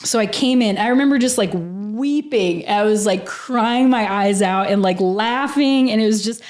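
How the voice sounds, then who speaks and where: A woman's voice: medium pitch, moderate pace, a little mellow. A woman as a podcast guest, telling a personal story in an earnest, emotional way and saying "like" constantly. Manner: earnest and emotional, heavy use of "like". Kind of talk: casual interview storytelling.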